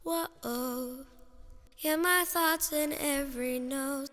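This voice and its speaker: A woman singing short, gentle musical phrases in a soft, even voice. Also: high-pitched, very slow, in a large hall, faint music behind. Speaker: singer. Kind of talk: gentle sung musical example.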